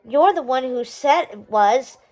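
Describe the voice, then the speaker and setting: A woman's voice: high-pitched, animated, a little slow, darkish tone. A woman voicing a cheeky, sneaky little brother in a storybook read-aloud.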